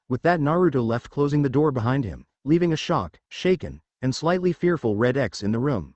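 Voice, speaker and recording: A man narrating a fan fiction story aloud in a plain, even storytelling manner. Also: medium pitch, a little fast, few pauses, dry recording, dull audio.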